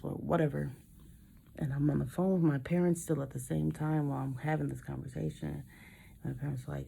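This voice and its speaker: Gravelly-voiced woman retelling a hospital clash. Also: deep voice, a little fast, a little hiss or hum. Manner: animated, indignant retelling with quoted dialogue. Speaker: vlogger. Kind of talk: casual storytime. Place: hospital room.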